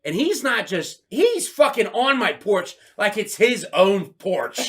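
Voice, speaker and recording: A man co-hosting a casual podcast chat, swearing freely and acting out his own story with loud outbursts. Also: sits high, moderate pace, few pauses. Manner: animated storyteller, swears a lot, acts out his own lines loudly. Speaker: podcast co-host.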